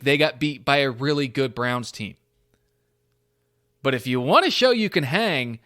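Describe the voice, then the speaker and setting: A young man with a slightly high voice hosts a solo sports podcast. He talks with lively energy, stops and restarts as he thinks aloud, and pokes fun at himself along the way. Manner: animated, self-deprecating, thinking aloud with restarts. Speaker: podcast host.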